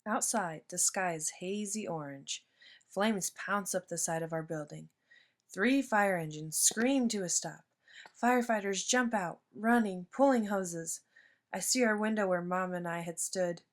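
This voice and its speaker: A woman reading a children's picture book aloud in steady, even narration. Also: mid-range voice, measured pace. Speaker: storyteller.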